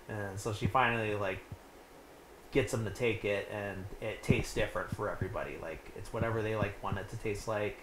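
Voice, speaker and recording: A man's voice: on the low side, steady tone, brisk. A man hosting a podcast, recapping a film in a chatty, joking way with lots of fillers. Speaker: podcast host. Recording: echoey room with noise.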